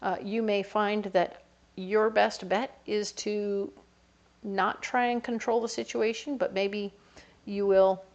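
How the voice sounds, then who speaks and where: A woman talks through a tarot spread in a loose, chatty manner, as if she were chatting with a friend. Her voice sits at an ordinary middle pitch, and now and then she drops into small playful voices for the people in the reading. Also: flat delivery, slow, dull audio. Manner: chatty, acts out little quoted voices. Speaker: tarot reader.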